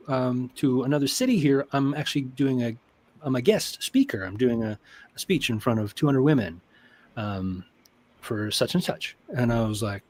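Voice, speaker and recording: A man, a guest therapist, telling stories about clients in an animated way and acting out their voices. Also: mid-range voice, moderate pace, long pauses, dry recording. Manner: animated, acts out quoted clients with laughs. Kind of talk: conversational storytelling.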